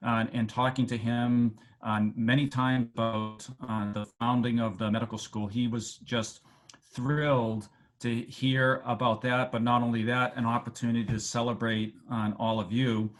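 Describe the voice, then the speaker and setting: A man with a Boston accent giving a halting speech over a video call to alumni, with many fillers and restarts. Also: mid-range voice, level tone. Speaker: medical school dean addressing alumni.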